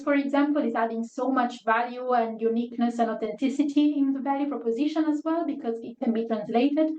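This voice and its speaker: A woman's voice: on the high side, darkish tone. A woman hosting an online workshop, talking casually and rambling through filler words over a video call. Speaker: workshop host. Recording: roomy, dull lo-fi call audio.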